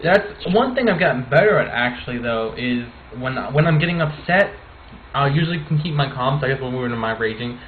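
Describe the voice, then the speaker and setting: A man hosts a casual podcast chat, steering the conversation and telling stories with lots of animation. He talks briskly at a medium pitch. The line sounds tinny and phone-like with faint noise.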